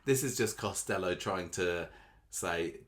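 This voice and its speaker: A man's voice: sits low, unhurried, a bit bright. A man co-hosting a podcast, chatting casually with dry, wry asides and frequent laughs. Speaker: podcast co-host. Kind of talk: casual chat.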